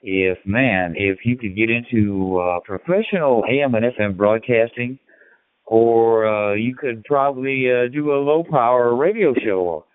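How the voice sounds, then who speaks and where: A man's voice: medium pitch, a little slow, clean tone, no echo. A man in his sixties from Illinois with a slight Southern twang, chatting in a rambling, folksy way on a ham radio net. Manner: rambling, folksy storyteller with many fillers. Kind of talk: casual radio chat. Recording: tinny radio transmission.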